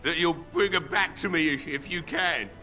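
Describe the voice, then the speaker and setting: A gruff drunk old blacksmith. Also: male voice, fairly high pitch, moderate pace, pushed and bright, faint music behind. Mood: resigned. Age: older. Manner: gruff, weary and bitter. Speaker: game character.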